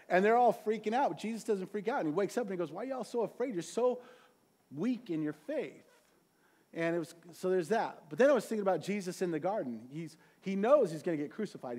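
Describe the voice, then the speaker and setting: A man preaching a sermon as pastor, passionate, swinging from quiet, quick asides to loud, drawn-out peaks. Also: fairly high pitch. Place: church sanctuary.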